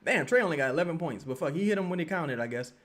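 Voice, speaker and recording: Brief: New man, livestream host, somewhat high voice, rowdy slangy game commentary. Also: rapid-fire. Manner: excitable, yells at the team, slangy trash talk. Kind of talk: live game watch-along commentary.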